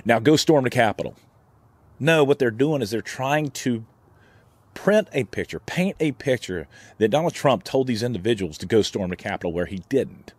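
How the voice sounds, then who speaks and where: With no room sound around him, a medium-pitched man rants indignantly in a vlog of opinion commentary. He hosts a gun channel, and his heated delivery is full of restarts.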